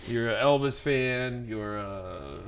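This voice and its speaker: Brisk man hosting a podcast chat. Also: mid-range voice. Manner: brisk, prodding questions, laughs along. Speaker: podcast host. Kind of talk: casual interview chat.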